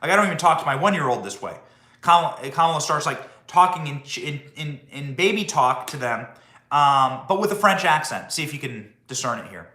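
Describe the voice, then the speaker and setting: A man's voice: on the high side, expressive, brisk, sharp tone, reverberant. A man hosting a political commentary show, ranting sarcastically with many fillers and restarts. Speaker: host.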